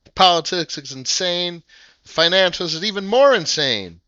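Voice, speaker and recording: Brash, excitable man in his thirties. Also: high-pitched, moderate pace, clean tone, no room sound, lo-fi sound. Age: 30s. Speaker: crypto livestream host. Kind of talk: casual livestream talk.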